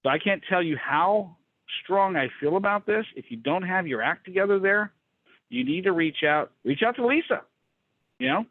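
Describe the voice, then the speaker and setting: A man's voice: normal speed, dry recording. Blunt man on a tinny call line. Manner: blunt, animated, acts out quotes in a higher voice. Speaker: business coach hosting a mastermind call. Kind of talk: casual storytelling talk.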